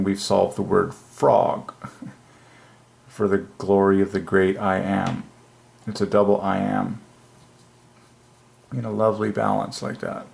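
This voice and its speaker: Gravelly man muttering over his research. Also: lowish voice, a little mellow. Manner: muttering to himself while working. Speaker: channel host. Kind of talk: solo religious word-number study. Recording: echoey room.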